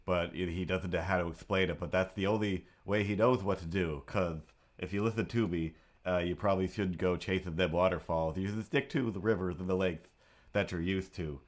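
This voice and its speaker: A man's voice: sits low, steady tone, fairly quick. A man hosting his own livestream, chatting casually and playfully to himself and his cat in a rambling way. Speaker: livestream host.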